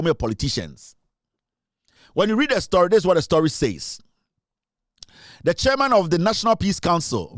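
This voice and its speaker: A Ghanaian man runs his commentary show in a high, lively voice. He presses every point, repeats himself for force and slides between English and Twi. The sound is dry and close. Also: no echo. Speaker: show host.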